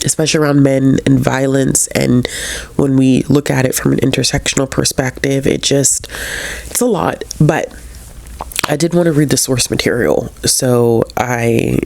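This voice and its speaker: A woman's voice: very deep voice, fairly even intonation, normal speed, gravelly, a little mellow, dry recording. A young adult woman with a congested, stuffy voice, chatting casually and earnestly in a book vlog, with many fillers and restarts. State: congested from a cold. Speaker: book vlogger. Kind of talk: casual reading vlog chat.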